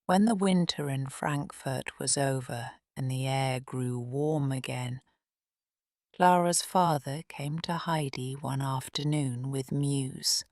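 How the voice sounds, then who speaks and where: A woman narrating a storybook audiobook slowly and softly, often in a near whisper. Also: rumbling low, no room sound, clean studio sound. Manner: slow, soft, often whispered.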